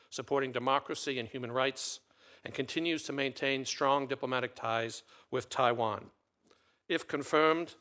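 A man reading a prepared statement before a committee in a measured, formal way. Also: mid-range voice, a bit bright. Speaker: ambassador nominee testifying.

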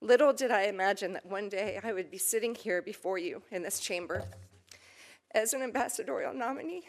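An earnest woman in her fifties from the United States delivers formal prepared testimony before a committee. Her voice is measured and steady, carries at a middle pitch, and now and then turns emotional. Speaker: ambassador nominee testifying. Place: committee hearing chamber.

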